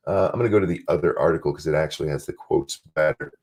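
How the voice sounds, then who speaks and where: A man's voice: a bass voice, racing, a little mellow. A man hosting a live stream, reading news articles aloud and ranting about them with sarcasm and profanity.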